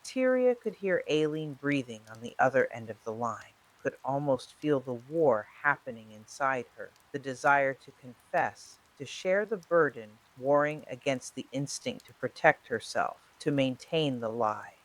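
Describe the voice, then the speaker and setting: A scripted true-crime narration with a steady, dramatic delivery. The voice sits at a middling pitch. It carries the story evenly from line to line. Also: a little slow, hardly any pauses, low-quality recording.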